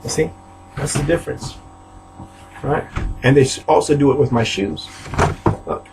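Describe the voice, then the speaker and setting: Aggrieved man with a gravelly voice. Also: medium pitch, expressive, normal speed, noisy background. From Haiti. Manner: aggrieved, repetitive, rising to outbursts. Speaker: preacher. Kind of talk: agitated video rant. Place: apartment, indoors.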